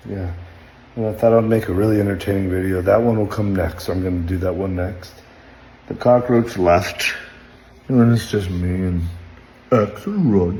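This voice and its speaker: Brief: low-voiced man, sleepless, rambling between mutters and bursts, phone video in a roomy space. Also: fairly even intonation, normal speed, a little hiss or hum. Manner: rambling, drifting between low mutters and sudden loud outbursts. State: sleepless, up all night. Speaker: social media personality. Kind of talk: rambling late-night selfie video. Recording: roomy echoey room, faint ambience.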